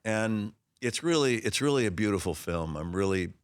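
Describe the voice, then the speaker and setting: A man in his sixties, a guest telling stories in a casual interview, lively and animated, acting out voices in his anecdotes with frequent restarts. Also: on the low side, normal speed, smooth, no echo. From Los Angeles area. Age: 60s. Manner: frequent restarts and repeated words. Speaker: actor guest.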